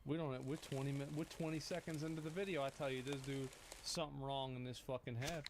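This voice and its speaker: A man's voice: medium pitch, steady tone, fast, noisy background. A man in his thirties, a streamer reacting to a video with blunt, rambling, swear-heavy commentary. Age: 30s. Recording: clicking sounds in the background.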